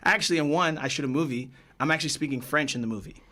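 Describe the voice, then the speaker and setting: A man talks as a podcast guest, telling stories about acting jobs in a loose, animated style. His voice sits a bit high and sounds bright and forceful. He talks very fast and laughs often. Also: slight background noise. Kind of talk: casual storytelling chat.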